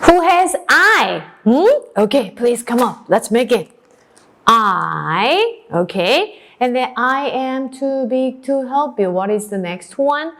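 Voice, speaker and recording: A young woman runs a lively children's class. Her voice sits fairly high and swoops up and down, and she stretches key words for emphasis. She praises and prompts in quick bursts. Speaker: English teacher and teacher trainer. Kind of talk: demo class for young children, then teacher briefing.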